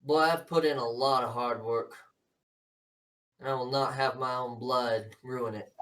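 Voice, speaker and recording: A man's voice: medium pitch, steady tone, a little slow, fairly bright tone, natural voice. A man voicing a stern, scheming older politician who coldly lectures and threatens his son, recorded somewhat far from the mic. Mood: menacing. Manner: cold, menacing, lecturing.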